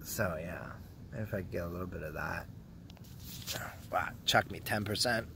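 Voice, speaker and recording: A young man from Canada rambling crudely through a casual vlog, joking a lot and often dropping to a hushed mutter, recorded outdoors in a public spot. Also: low voice, normal speed, gravelly, a little hiss or hum. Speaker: vlogger.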